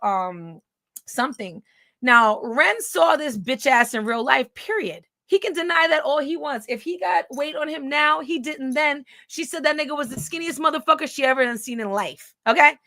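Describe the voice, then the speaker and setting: A woman's voice: on the high side, fairly bright tone, no room sound. A woman reading out private messages and commenting on them, blunt, profane and sarcastic. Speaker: gossip commentator.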